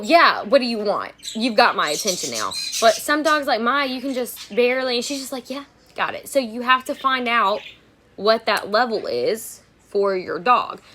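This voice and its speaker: A woman's voice: on the high side, pushed and bright, a little hiss or hum. A woman dog trainer chatting frankly on a home livestream while getting ready, often repeating herself. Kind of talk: casual livestream chat. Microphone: phone or camera at arm's length.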